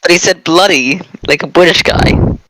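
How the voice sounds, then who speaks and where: A man co-hosting a comedic read-through, halting and joking in asides. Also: high voice, pushed and bright, rough recording. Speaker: co-host reading a story aloud. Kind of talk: casual comedic reading. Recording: clear background noise.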